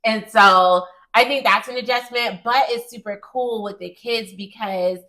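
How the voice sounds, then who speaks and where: A woman's voice: a little high, measured pace, low-quality recording. An American woman telling stories in a casual conversation, often acting out what others said. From United States. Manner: animated storytelling, often quoting others. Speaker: guest.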